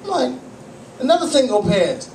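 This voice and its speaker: A male stand-up comedian telling profane, animated stories at a small cafe comedy night. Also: very high-pitched, normal speed. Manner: profane, animated storytelling with acted-out voices. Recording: echoey room, distant mic, faint noise.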